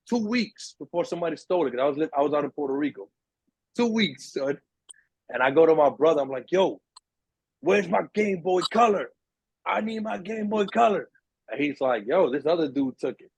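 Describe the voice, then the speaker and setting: A young podcast host tells a story in casual chat with friends, an animated storyteller who acts out other people's lines in their voices. His mid-range voice is husky, captured on a dry, rough recording.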